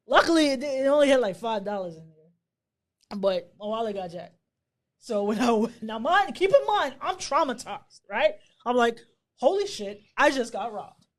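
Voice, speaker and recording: Animated laughing woman podcast host. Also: a little high, normal speed. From Bermuda. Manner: animated, laughing, swearing freely. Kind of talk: casual storytelling chat.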